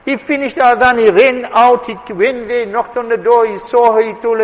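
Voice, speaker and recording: Man, preacher, high-pitched voice, emphatic sermon delivery, long hall echo. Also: fairly even intonation, moderate pace, hardly any pauses. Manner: emphatic, swings between soft asides and raised exhortation.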